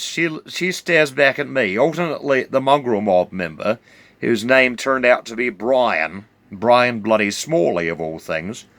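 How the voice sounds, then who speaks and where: Brief: middle-aged New man, rambling stammering storyteller, lively pitch, very dry close recording. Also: dry recording. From New Zealand. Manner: rambling, stammering, full of hesitations. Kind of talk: rambling comic yarn.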